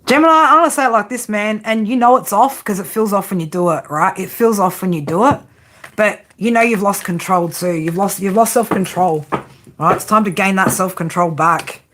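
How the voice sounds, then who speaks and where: A woman's voice: medium pitch, brisk, a bit bright. Blunt, foul-mouthed woman tarot reader. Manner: blunt, profane, repeatedly asks "right?"; frank tough-love delivery. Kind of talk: tarot reading monologue.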